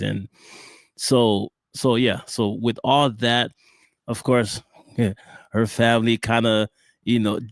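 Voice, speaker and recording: Man, podcast co-host, relaxed storyteller, mid pitch, dry close sound. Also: dry recording. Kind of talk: casual chat.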